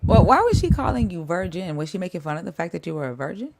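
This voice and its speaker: Woman, low voice, live stream host, blunt, profane, emphatic. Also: very animated, fast talker, gravelly, darkish tone. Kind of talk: casual chat.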